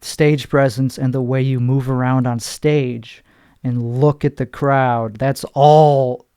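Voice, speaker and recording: A man's voice: medium pitch, fairly even intonation, slow, mellow, clean tone, no echo, clean studio sound. A young man and stand-up comedian talking casually as a podcast guest, blunt and emphatic, with plenty of swearing.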